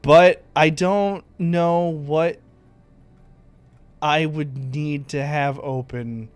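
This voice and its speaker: A male streamer chats loosely while playing, rambling and restarting his sentences. His voice is slightly high, with light music in the background. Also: fairly even intonation, very slow, clear, resonant tone, no echo. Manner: rambling, laid-back, with casual swearing. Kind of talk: casual live-stream chat.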